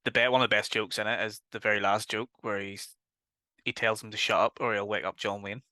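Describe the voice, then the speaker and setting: Bright, dry-sounding Northern Irish man. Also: on the low side, fairly quick, no room sound. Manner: relaxed plot recap, swears casually. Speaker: podcast co-host. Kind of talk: casual chat.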